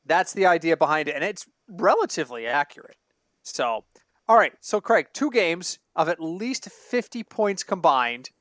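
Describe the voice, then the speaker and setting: High-voiced man rambling through sports gossip. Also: moderate pace, dry recording, clean studio sound. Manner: rambling, animated storytelling with self-corrections. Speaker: podcast co-host. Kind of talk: casual sports podcast banter. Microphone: home computer mic over online call.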